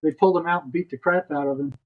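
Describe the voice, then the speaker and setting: A man's voice: fairly high pitch, steady tone, racing, phone-quality sound. An older retired psychotherapist, a man, telling a long story as a podcast guest, rambling and restarting his words.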